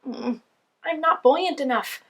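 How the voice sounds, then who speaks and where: A woman's voice: sits high, slow pace, creaky, fairly bright tone, voice pushed up, exaggerated voice. Woman doing a whiny grumpy penguin. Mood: grumbling. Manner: whiny, fed-up grumbling. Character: grumpy complaining little penguin. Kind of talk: children's book read-aloud.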